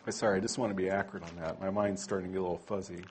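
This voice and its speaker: A man's voice: low-pitched, fairly even intonation, racing, a little hiss or hum. A man teaching a church training class in a conversational way, tossing in rhetorical asides and correcting himself aloud. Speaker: Bible teacher.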